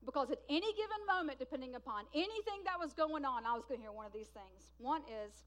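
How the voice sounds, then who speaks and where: A woman preaching a sermon, swinging from loud emphatic bursts to hushed, slow, drawn-out lines. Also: sits high, animated.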